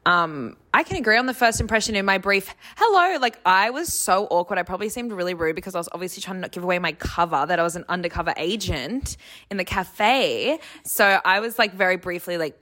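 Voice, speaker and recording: A woman's voice: on the low side, lively intonation, fairly quick, sharp tone. A young woman, chatting casually and playfully as a host, peppering her talk with "like". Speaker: podcast host and date organizer. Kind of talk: casual chat.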